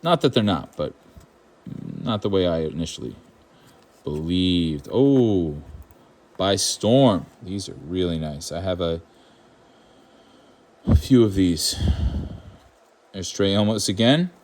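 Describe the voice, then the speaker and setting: Speaking slowly and animatedly with frequent pauses, this Irish-born host has a low, darkish voice as he opens trading card packs on his channel. His commentary is casual and wry, full of tangents and feigned indignation, over a faint hiss or hum.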